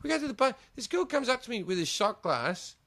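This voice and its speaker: A man's voice: very high voice, sing-song, fairly quick, creaky, sharp tone, dry recording. A man in his forties with an Australian accent, a comedian telling a crude, sweary story in a casual podcast chat. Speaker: comedian guest.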